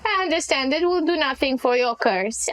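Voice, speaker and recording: A woman voicing a cold young female hag with an almost croaky, not yet matured voice and a blunt, mocking manner. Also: high voice, lively intonation, normal speed, a bit bright, low-quality recording.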